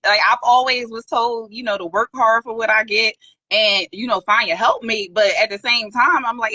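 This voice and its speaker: Bright, husky woman on a phone call. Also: fairly high pitch, no echo. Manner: lively, laughing, quick rambling. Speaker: guest caller on a live stream. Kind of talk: casual chat. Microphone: phone camera on a video call.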